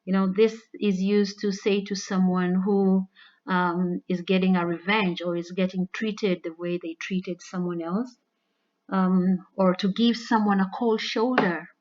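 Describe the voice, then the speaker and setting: A woman's voice: medium pitch, fairly even intonation, a little slow, a little mellow, muffled recording. A woman, an English teacher, giving a recorded lesson that explains figurative language in a loose, conversational way. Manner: conversational with frequent "all right" and "you know".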